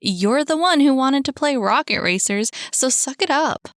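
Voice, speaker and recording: A cocky young woman gamer, all teasing and brag, as a woman reader puts her on. Her voice sits higher and louder than the narration, and the delivery is dry and close. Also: expressive, normal speed, no room sound. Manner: boastful, teasing, loud.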